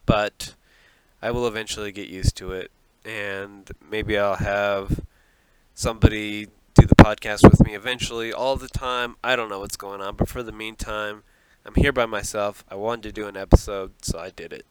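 A man's voice: fairly low pitch, little pitch movement, normal speed, noisy background. A man hosting a casual solo podcast at home, a little nervous, rambling and self-deprecating with lots of swearing and laughs. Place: apartment at home. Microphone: podcast microphone.

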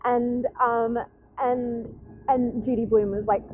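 A woman's voice: a little high, level tone, takes it slowly, breathy edge, no echo. A woman hosting a podcast, chatting casually and rambling through a story with lots of fillers and restarts, recorded outdoors in a city. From Australia. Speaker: podcast host. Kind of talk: casual chat, retelling a story. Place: outdoors in a city, planes overhead. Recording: tinny phone-like recording, faint background noise.

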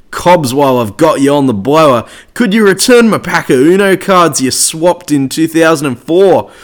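Brief: man, casual banter, reads comments aloud. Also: fairly high pitch. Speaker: podcast co-host. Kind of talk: casual chat.

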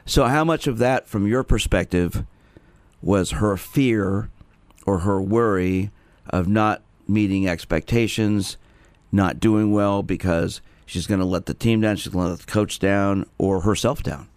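A man's voice: fairly low pitch, measured pace, a little mellow, clean tone, no echo. A man hosting a call-in radio talk show who often restarts and repeats words.

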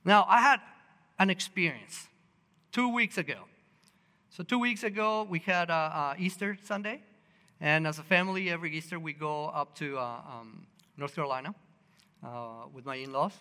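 A man's voice: fairly high pitch, normal speed, in a large hall. A man preaching a sermon, telling personal stories with lots of fillers and restarts, acting out what people said. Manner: animated, acts out quotes, many fillers and restarts.

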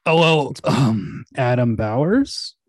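This is a bleary, drunk older actor who is lying in bed and thanking a fan in a drawn-out, slurring greeting, as a man puts him on. The pitch sits in the middle, and the sound is dry and close. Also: expressive, no room sound. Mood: groggy.

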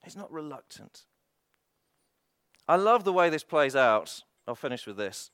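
A man's voice: a little high, sing-song, a little slow, a bit bright, smooth, dry recording, studio quality. A man preaching a sermon with an impassioned, repetitive cadence and frequent restarts.

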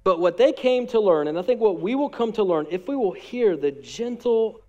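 A male pastor preaching a sermon to his church, lively and animated, often acting out the voices of the people he quotes. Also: sits high, normal speed, lo-fi sound. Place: church room with live audience.

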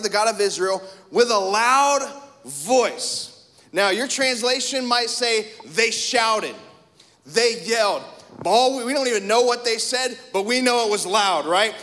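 A man pastor preaching a sermon in a church, animated, swinging from shouts to hushed tones. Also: high-pitched, big-room sound. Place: church hall.

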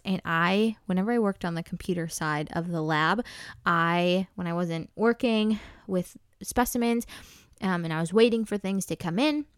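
A woman's voice: on the low side, smooth, no room sound. Earnest chatty young woman, dry sound. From North Dakota. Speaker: podcast host. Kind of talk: casual storytelling.

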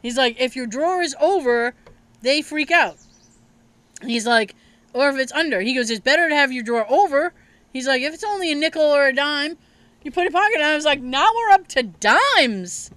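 A woman hosting a podcast, telling a family story in casual chat, animated and swearing freely with frequent laughter. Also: high voice, fairly quick, dry recording. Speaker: podcast host.

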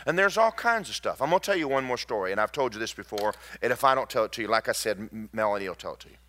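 Lively, forceful preacher man. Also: lowish voice, racing. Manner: emphatic storytelling preacher, swings from loud to hushed. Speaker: pastor. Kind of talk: sermon.

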